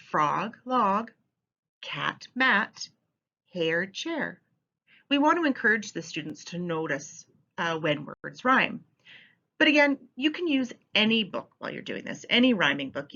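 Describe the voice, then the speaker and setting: A woman teacher giving an instructional voice-over with a clear, expressive delivery. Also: medium pitch. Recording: slightly muffled recording.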